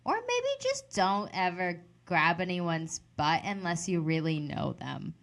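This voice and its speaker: A woman co-hosting a casual talk show, candid and wry, quick to tease her co-host. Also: on the low side, sing-song. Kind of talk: casual banter.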